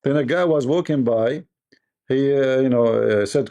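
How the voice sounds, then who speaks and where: A man's voice: mid-range voice, normal speed, dark tone. Joking male livestream host. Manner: joking storyteller, mimics voices, laughs often. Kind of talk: livestream debate chat.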